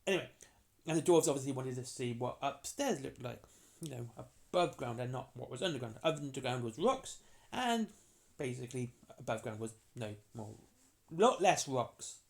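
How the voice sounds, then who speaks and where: Chatty lore explainer, lively pitch. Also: gravelly. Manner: chatty and jokey, acts out characters in quick asides. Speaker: tabletop game lore explainer. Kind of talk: casual rambling lore explainer.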